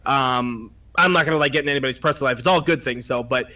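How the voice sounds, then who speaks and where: A man's voice: medium pitch, fast talker, sharp tone, distant mic. A man with a Boston accent, co-hosting a casual podcast chat, joking and rambling. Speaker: podcast co-host.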